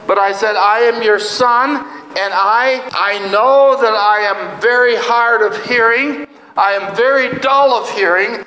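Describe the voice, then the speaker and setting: An older man preaching a sermon, telling his own story earnestly with long pauses. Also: sits high, bright, forceful tone. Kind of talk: sermon testimony. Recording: echoey hall, roomy sound.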